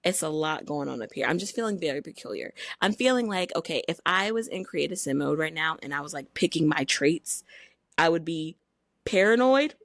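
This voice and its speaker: Woman podcast host, rambling, playful, short on sleep, lowish voice, dry close mic. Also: lively intonation, brisk, a bit bright, no room sound. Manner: rambling, playful, self-mocking. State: sleep-deprived. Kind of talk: casual chat.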